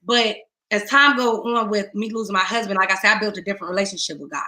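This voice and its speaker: A middle-aged woman giving a raw, emotional personal testimony. She swings between tearful hushed moments and rising outbursts. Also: medium pitch, fast, echoey room. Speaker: guest speaker.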